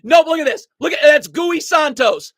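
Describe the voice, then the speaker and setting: A basketball analyst giving an angry, exasperated play-by-play breakdown of game film, shouting and cursing, at times breaking into helpless laughter. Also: high voice, expressive, normal speed, dry recording.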